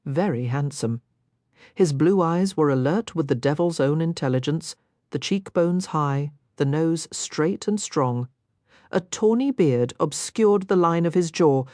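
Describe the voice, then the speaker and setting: A woman narrating a historical romance audiobook in an expressive storytelling manner. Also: sits low, no room sound, studio quality.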